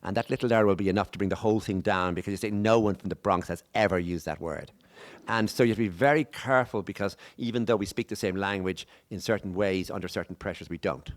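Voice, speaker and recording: An Irish man talks on stage at a live book event, winding through his story with asides and restarts. His voice sits a little low. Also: quick pace. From Ireland. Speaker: author. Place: stage before a live audience.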